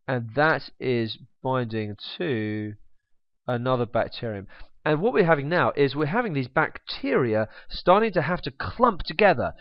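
Lively chatty male teacher, dull dry sound. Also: mid-range voice, no room sound. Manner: chatty, jokey asides, humming while drawing. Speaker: biology teacher. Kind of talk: explaining while drawing. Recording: dull, slightly lo-fi dry recording.

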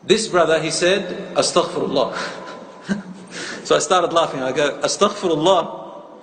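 A man's voice: fairly high pitch, moderate pace, fairly bright tone. A man giving an interactive Islamic lecture, telling a story and questioning the audience, mixing in Arabic phrases. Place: lecture hall with live audience. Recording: echoey hall, faint ambient noise.

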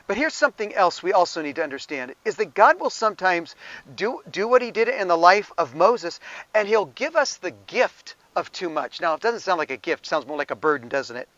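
High-voiced man preaching conversationally. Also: very animated, fairly quick, fairly bright tone, no room sound, highs cut off. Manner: conversational preaching with asides and chuckles. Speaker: pastor. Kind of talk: sermon.

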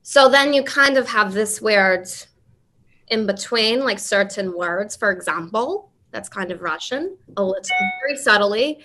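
A woman actress answering interview questions casually, halting with restarts and fillers. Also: mid-range voice, lively intonation, fairly bright tone, faint music behind. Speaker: actress guest.

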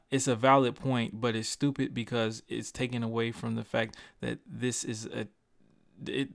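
A young man records a personal commentary vlog at his desk mic, his voice gravelly with vocal fry and fairly flat in pitch. He speaks earnestly and passionately, tripping over words and restarting, with casual swearing. The sound is dry and close, with no room echo. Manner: earnest, halting, frequent restarts and stutters. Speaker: YouTuber. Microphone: desk microphone.

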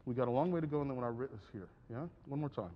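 A man's voice: medium pitch, lively intonation, very fast, a little hiss or hum. A man giving a piano masterclass, coaching a student with encouragement and often singing phrases or counting beats aloud. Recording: slightly dull recording with piano. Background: piano playing.

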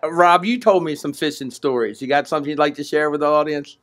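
A man hosting a story swap, relaxed and prompting his guests to share. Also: a little high, quick pace, dry recording. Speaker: host.

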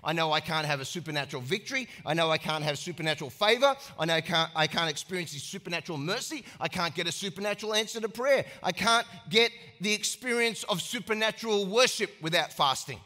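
A man preaching a sermon as pastor, emphatic and animated, acting out little scenes. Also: high-pitched, fast, hardly any pauses. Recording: echoey hall.

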